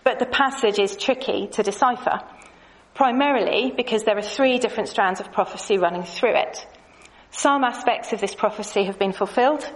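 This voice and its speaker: A woman presents a lesson in a measured, explanatory way. Her pitch sits in an ordinary middle range, and she speaks clearly, pausing to point things out on her slides. Now and then she drops in a light aside to her audience. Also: rough recording. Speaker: Bible teacher.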